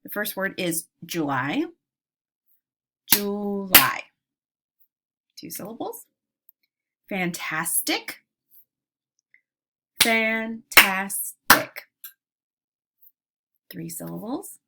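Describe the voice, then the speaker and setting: A woman teacher leading a phonics lesson for young children, modeling each word slowly and deliberately. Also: on the low side, big pitch swings, gravelly, heavy background noise.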